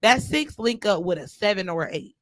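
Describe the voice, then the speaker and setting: A man co-hosting a podcast, talking in a loose, animated way, spinning out his points with slang and "you know what I'm saying.". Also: high voice, dry recording, studio quality. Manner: animated, drawn-out storytelling with slang. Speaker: podcast co-host. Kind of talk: casual podcast chat.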